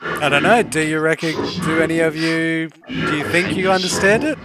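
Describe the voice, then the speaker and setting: A man running a tabletop game as game master, who asks players for checks in a measured, gently probing way. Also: on the high side, fairly even intonation, over a noisy crowd.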